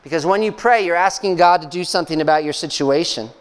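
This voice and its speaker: A man preaching a sermon as pastor, speaking conversationally with fillers and soft laughs. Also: a little high, fast talker, clear, resonant tone. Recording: long hall reverb.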